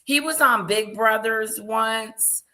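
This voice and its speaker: A woman's voice: on the high side, slow, bright, forceful tone. A woman casually commenting on a video she is watching, with gossipy, teasing asides.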